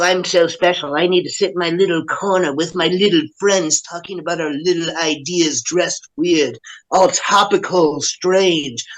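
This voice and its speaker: A man putting on a slow, prissy voice to mock a smug, bored city hipster. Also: on the high side, voice pushed down, lightly acted, poor audio. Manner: mocking, drawn-out and prissy.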